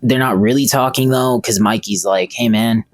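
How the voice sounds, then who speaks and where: A man's voice: mid-range voice, moderate pace, no echo. A man giving a casual, rambling and profane commentary as a comic reviewer.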